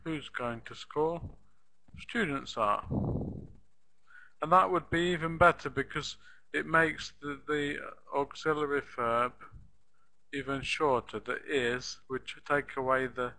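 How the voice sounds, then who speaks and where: A male English teacher leading a live online class. His voice is bright and forward, and he speaks slowly and deliberately. He models phrases over and over for the students to copy. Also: medium pitch, rough recording. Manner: slow, patient explaining with repeated model phrases.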